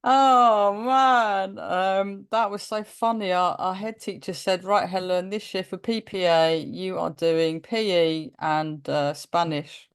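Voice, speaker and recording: Speaking slowly but with hardly any pauses, this guest teacher, a Greek-descended primary teacher, tells animated stories in a relaxed interview. She acts out quoted dialogue and laughs often, her mid-range voice clear and resonant.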